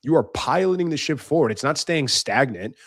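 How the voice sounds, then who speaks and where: A man's voice: fairly high pitch, expressive, brisk, a bit bright, no room sound, clean studio sound. Blunt, swearing man podcasting. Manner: blunt, swears freely, acts out quoted voices. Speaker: podcast host. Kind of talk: casual monologue giving life advice.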